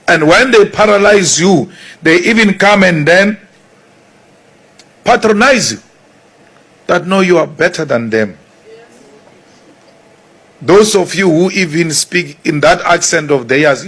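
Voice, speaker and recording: Husky high-voiced South African man. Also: takes it slowly, pauses often. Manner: forceful, repeats lines for emphasis. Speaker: political speaker. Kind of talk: political speech.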